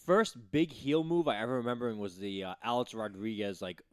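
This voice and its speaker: A man's voice: medium pitch, a little fast, darkish tone, clean tone, no room sound, studio quality. A man co-hosting a casual sports talk show, telling stories and ribbing the others with sarcasm. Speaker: podcast co-host.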